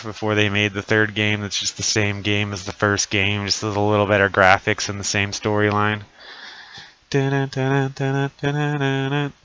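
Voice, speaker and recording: A profane, wisecracking man streams live in costume, riffing with his audience between jokes. His voice is bright and crisp, recorded close and dry with no room sound. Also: lowish voice, no echo. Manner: crude, profane, joking banter. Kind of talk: casual live-stream chat. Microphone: desk mic, voice muffled little by a costume mask.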